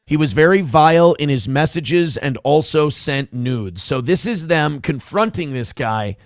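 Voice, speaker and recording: A man's voice: on the high side, expressive, unhurried, no room sound, clean studio sound. A man hosting a show, giving blunt, profane, sarcastic commentary over a video clip. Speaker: show host.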